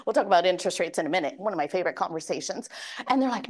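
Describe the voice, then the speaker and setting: A woman giving a lively conference keynote, speaking energetically to the room and getting the audience to raise their hands. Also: racing. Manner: acts out quoted voices with big pitch swings.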